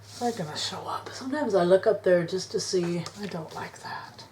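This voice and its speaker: A woman vlogging her craft work to camera on a tripod, thinking aloud, indecisive, often dropping into soft mutters. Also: lowish voice, moderate pace, background noise. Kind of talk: casual crafting chat to camera.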